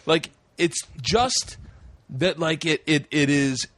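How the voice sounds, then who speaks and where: A man's voice: on the high side, slow, dry recording. A man in his forties hosting a comedy podcast, telling stories in casual talk, swearing often and acting out quotes. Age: 40s. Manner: animated storyteller, swears a lot, acts out quotes. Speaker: podcast host.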